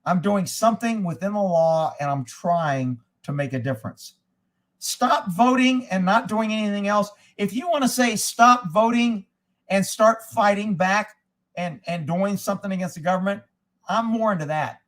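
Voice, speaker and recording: A middle-aged man with a notably high voice rants to his livestream chat. He swears freely and gets heated as he answers viewers, in a casual off-the-cuff way. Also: animated, moderate pace, a bit bright. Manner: profane and heated, reacting to chat. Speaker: livestream host.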